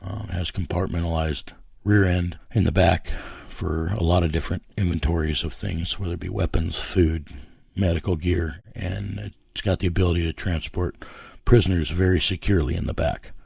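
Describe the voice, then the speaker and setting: A man's voice: low-pitched, fairly even intonation, normal speed, vocal fry, darkish tone, breathy edge, no room sound. Profane storytelling man in a dry room. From United States. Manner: rambling, profane, reenacts dialogue with repeated "I said". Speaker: interviewee, vigilante team leader. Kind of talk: casual anecdotal storytelling in an interview.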